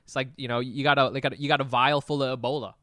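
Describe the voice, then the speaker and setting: A comedian man rambling jokes on a podcast with deadpan overstatement. His voice is smooth and clear, and the sound is dry and close to the mic. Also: mid-range voice, fast, no echo. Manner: joking, rambling, deadpan hyperbole. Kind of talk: casual comedy podcast banter.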